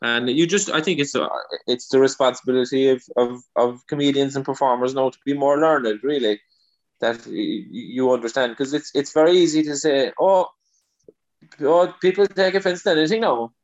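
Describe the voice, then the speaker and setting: A man's voice: mid-range voice, a little fast, lo-fi sound. A man with a Kerry accent, a comedian chatting loosely as an interview guest, trailing into restarts and "you know". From Ireland. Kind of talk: casual interview chat.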